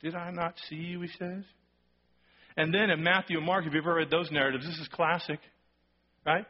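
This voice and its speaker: A man preaching a sermon, telling a story with lively acted-out quotes and sudden drops to a hushed voice for emphasis. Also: a little high, a little fast, pauses often, dull audio. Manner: animated storytelling, acting out quotes, dropping to a hush for emphasis. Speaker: pastor.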